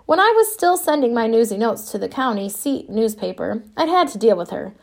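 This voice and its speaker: A woman narrates a first-person audiobook with a wry, wistful touch. Her voice sits somewhat high and her reading flows steadily. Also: big pitch swings, fairly quick, creaky.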